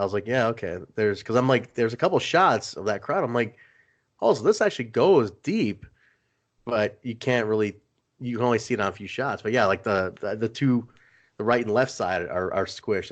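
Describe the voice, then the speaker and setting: A man's voice: fairly low pitch, fairly quick, muffled recording. A man co-hosting a casual wrestling podcast, rambling and joking as he tells stories. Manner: rambling, jokey storytelling. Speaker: podcast co-host. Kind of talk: casual chat.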